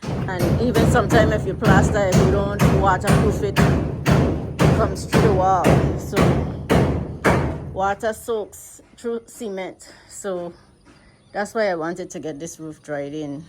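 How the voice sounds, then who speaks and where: A woman's voice: mid-range voice, fairly even intonation, takes it slowly, loud music behind the voice. An American woman from the United States giving a casual, easygoing walking tour of her rural homestead and talking straight to her viewers, recorded outdoors on a handheld phone. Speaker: vlogger. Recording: loud outdoor background noise.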